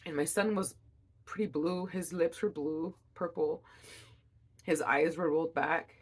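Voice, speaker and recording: A young woman, a mother, telling a personal story in an emotional, halting way with many restarts. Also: deep voice, fairly even intonation, breathy edge. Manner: emotional, reliving events.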